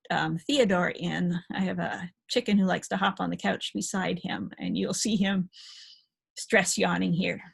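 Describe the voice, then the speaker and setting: A woman's voice: mid-range voice, vocal fry, husky. A woman dog-behavior trainer giving a chatty recorded lecture, talking through slide photos with small laughs.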